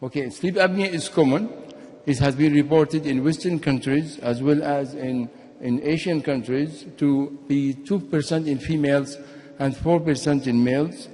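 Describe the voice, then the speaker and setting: A man delivers a medical conference lecture in a fairly high voice. He explains things steadily and now and then restarts a phrase. His voice carries a long echo from the lecture hall. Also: normal speed. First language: Arabic. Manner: explanatory, steady, sometimes restarts and repeats words. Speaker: physician giving a conference talk.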